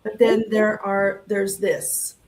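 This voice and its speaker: Reflective woman co-host, mid-pitched. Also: level tone, slow, a little mellow, rough recording. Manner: reflective, affirming, thoughtful. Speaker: show co-host. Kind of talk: casual live talk show chat.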